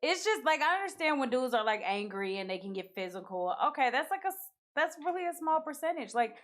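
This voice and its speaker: A young adult woman co-hosting a casual podcast chat, animated and opinionated, laughing often. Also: sits high, a little fast. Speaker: podcast co-host.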